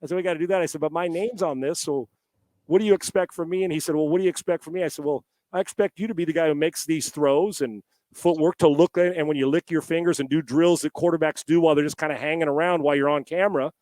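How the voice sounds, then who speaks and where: A middle-aged man telling a story as a podcast guest. His voice sits a bit high for a man and sounds dry and close, as if picked up by a headset. He rambles in a lively way, restarting his sentences and swearing now and then. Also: fast talker, dry recording. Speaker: podcast guest, former quarterback. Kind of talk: storytelling in a casual interview. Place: at home.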